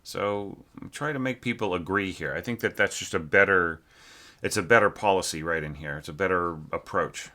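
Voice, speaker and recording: A man teaching orchestration, giving a casual critique of a score. He talks haltingly with many fillers and sings phrases to demonstrate. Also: low voice, sharp tone.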